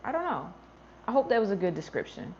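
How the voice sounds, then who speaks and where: A woman hosts a relaxed gardening livestream, reading out and answering viewer comments and thinking aloud as she trails off and restarts. Her voice sits at an ordinary middle pitch. The audio is slightly dull and lo-fi, with a faint ambient hum behind her. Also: quick pace.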